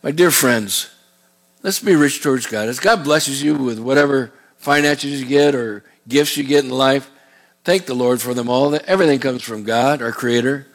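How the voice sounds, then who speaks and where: A man's voice: mid-range voice, normal speed. A middle-aged man preaching a sermon as a pastor, in a conversational way with rambling asides.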